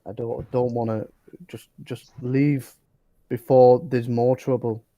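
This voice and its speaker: A man's voice: medium pitch, level tone, takes it slowly, no room sound, dull audio. A man voicing a curt, fed-up female tavern keeper in a tabletop game. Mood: weary. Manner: curt, shooing people off.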